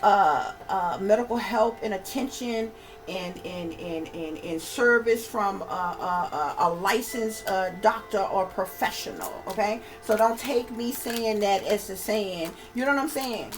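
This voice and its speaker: A woman's voice: medium pitch, measured pace, soft background music, low-quality recording. A woman hosting her channel, ranting casually to viewers in an emphatic, profane, repetitive way and calling them y'all. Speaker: channel host and psychic reader. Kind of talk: casual rant to camera.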